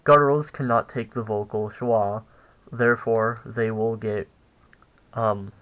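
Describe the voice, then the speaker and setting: A young man giving a casual language lesson, halting and full of fillers as he corrects himself. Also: on the low side, steady tone, muffled recording. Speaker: language teacher.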